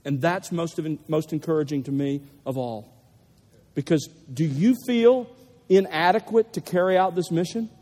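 High-voiced emphatic male preacher in a hall. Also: moderate pace, warm tone. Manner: emphatic, building to stressed repetitions. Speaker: pastor. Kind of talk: sermon. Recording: long reverb of a large hall.

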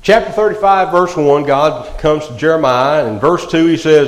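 Guy preaching a sermon, gets loud then goes real quiet, big roomy church echo. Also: on the high side, normal speed. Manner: dramatic swings from loud to hushed. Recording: echoey hall, reverb.

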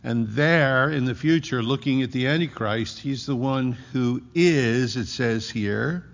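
A man preaching a sermon, emphatic, slowing down to stress key words. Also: medium pitch, creaky. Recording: muffled hall recording with long echo.

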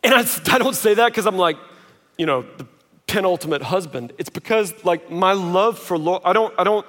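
Male pastor, high-pitched, casual and joking from the pulpit, recorded in a big reverberant auditorium. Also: normal speed. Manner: conversational, self-mocking, animated quoting. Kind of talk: sermon. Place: large auditorium. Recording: long reverb of a large hall.

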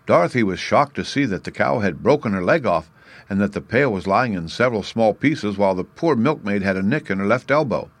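A man narrating a classic storybook chapter in a measured, even way. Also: on the low side, dry recording. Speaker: audiobook narrator.

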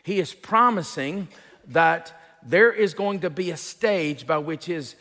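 A male pastor teaches through a sermon slowly and deliberately, with a lively, rising and falling voice pitched a bit high. He restarts phrases and leans into key points, and his voice rings out in the long reverb of a large hall. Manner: unhurried teaching with frequent fillers and restarts. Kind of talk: expository sermon.

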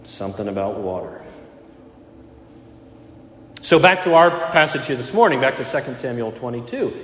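A man's voice: medium pitch, big pitch swings, moderate pace, fairly bright tone. A male pastor preaching a morning sermon with earnest emphasis, repeating his key phrases. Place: church sanctuary. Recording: echoey church hall.

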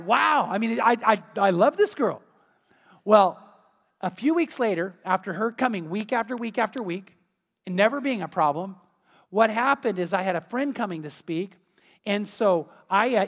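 Male pastor, high voice, animated storyteller, church hall reverb. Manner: storytelling, lively and emphatic. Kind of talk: sermon. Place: church sanctuary.

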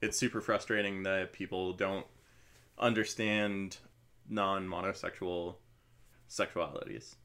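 A man with a very low voice joins a podcast chat as co-host. He speaks earnestly and conversationally, building on what the others have said. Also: fairly even intonation, measured pace, a bit bright.

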